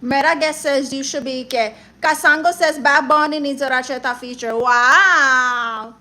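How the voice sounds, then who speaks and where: A young woman from Puerto Rico and Guatemala doing a sassy comedic livestream, reading viewer comments in a loud, brash, exclamatory way and dropping Spanish slang. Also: sits high, fairly even intonation, a little slow, poor audio.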